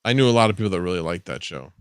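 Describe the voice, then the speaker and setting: A man's voice: low-pitched, lively intonation, rapid-fire, clean tone, no room sound. An easygoing man joining in a casual chat, agreeing along the way.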